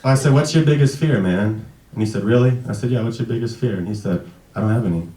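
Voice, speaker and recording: A man in his thirties giving an emotional tribute speech at a memorial event, halting and full of restarts, sometimes fighting back tears. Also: lowish voice, noisy background. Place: event hall. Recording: echoey hall, far from the mic.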